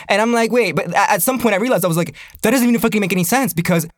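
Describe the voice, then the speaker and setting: A young man ranting in a casual comedic way, profane and animated, laughing often, his voice jumping up when he gets worked up. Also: sits high, racing, few pauses, dry recording, studio quality.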